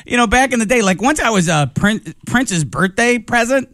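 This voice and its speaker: A high-pitched man tells rambling stories with a lively, swooping delivery, laughing often and slipping into voices. He is a comedian guest in a radio studio, and the sound is dry and close. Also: moderate pace, no echo. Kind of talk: anecdotal interview chat.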